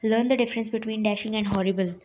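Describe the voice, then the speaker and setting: A woman's voice: mid-range voice, steady tone, fast talker, darkish tone, slight background noise, close to an everyday voice. A woman voicing a teasing young female friend, mocking and playful, in a narrated fan story.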